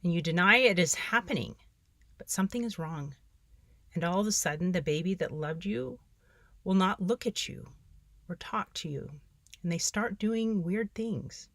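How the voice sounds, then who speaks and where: A middle-aged woman hosting her own podcast, reading journal entries aloud in an earnest, soft-spoken way with the odd wry laugh, then sharing tips. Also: fairly low pitch, a little slow, no echo, studio quality. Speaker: podcast host.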